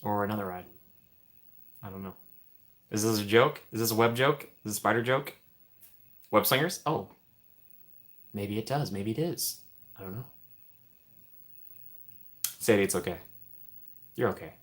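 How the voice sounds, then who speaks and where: A young man hosting a casual live stream, chatting with viewers, laughing often and trailing off into soft mumbles. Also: fairly low pitch, moderate pace, pauses often. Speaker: livestream host.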